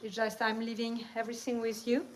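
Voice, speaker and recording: Middle-aged french woman chatting with viewers, highish voice, laughs a lot, faint hum behind. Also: monotone, a little fast, poor audio. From France. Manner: chatty, laughs often, reads and answers viewer comments. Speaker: vlogger. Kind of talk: casual livestream chat. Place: van or home, at night. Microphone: no mic, phone or camera only.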